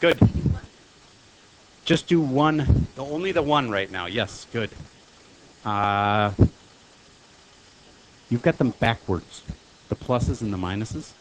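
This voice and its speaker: A man teaches math to a room of students, talking in a loose, chatty way. He keeps stopping to quiz the class with quick questions. His voice sits at an ordinary middle pitch. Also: lively intonation, slight background noise, low-quality recording. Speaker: high school math teacher. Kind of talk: classroom lecture.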